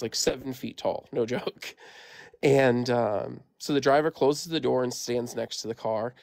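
A man's voice: mid-range voice, creaky, darkish tone, no room sound. A man in his thirties from the Midwest of the United States, casually telling a story as a caller, rambling with lots of "like" and "um" fillers. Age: 30s. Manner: rambling, heavy use of "like" and "um" fillers. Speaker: caller sharing a paranormal story.

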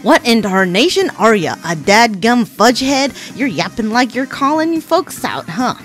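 A woman's voice: a little high, big pitch swings, measured pace, soft background music. A woman putting on a brash drawling cowboy. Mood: gruff blustering. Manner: folksy drawl, censored cussing. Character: brash Southern cowboy man, swaggering.

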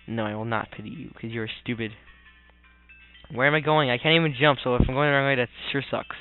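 A man's voice: mid-range voice, fairly quick, smooth. A man giving goofy, rambling commentary while playing a video game. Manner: goofy, rambling, mutters complaints. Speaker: let's player. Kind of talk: casual gameplay commentary. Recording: tinny lo-fi with faint game music.

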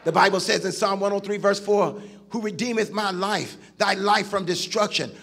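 High-pitched, gravelly man preaching. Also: moderate pace. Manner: shouting, sing-song preaching with call and response. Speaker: pastor. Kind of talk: sermon.

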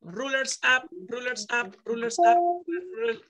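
A woman's voice: on the high side, expressive, a little slow, fairly bright tone. A woman English teacher from Peru with a Peruvian Spanish accent, leading an online class for young children with upbeat praise and word drills. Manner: upbeat, praising, counting students in and drilling words. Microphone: video call.

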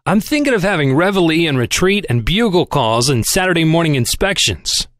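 A man's voice: a little high, sing-song, fairly quick, fairly bright tone, no echo, studio quality. A man voicing a stiff, humorless office manager who complains with cold dignity, in an audiobook reading. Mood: complaining.

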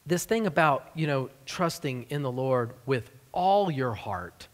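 A man's voice: mid-range voice, expressive, a little slow, in a large hall. A man preaching a sermon as pastor of a church, in a conversational, joking style. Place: church sanctuary.

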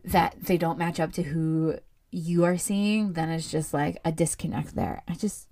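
A woman hosting her own podcast, talking candidly in a rambling, heartfelt solo monologue that turns animated when she rants. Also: sits low, unhurried. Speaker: podcast host.

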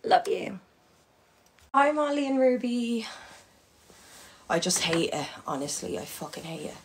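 During a casual gaming livestream, a young woman talks to her viewers as she plays, swearing openly and letting out shrieks when things go wrong. Her voice runs on the high side with big pitch swings at normal speed, and there's a little hiss or hum.

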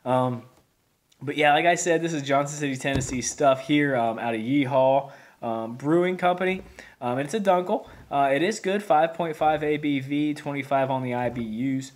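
A man talks through a beer review in a loose, folksy ramble, circling back with plenty of fillers and restarts. His voice sits slightly higher than most men's. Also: normal speed. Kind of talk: casual video review.

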